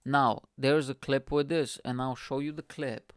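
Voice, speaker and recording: A man's voice: mid-range voice, measured pace, smooth, dry recording, studio quality. Swearing young man ranting on a podcast. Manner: profane, rambling and animated. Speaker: podcast host. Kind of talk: casual solo podcast rant.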